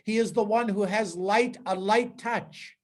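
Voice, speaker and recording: Male priest, fairly high voice, lively storytelling preacher who stumbles and repeats words. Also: measured pace. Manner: animated storytelling with acted-out quotes and sound effects; repeats words and restarts mid-sentence. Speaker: priest giving a talk. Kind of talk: spiritual teaching talk.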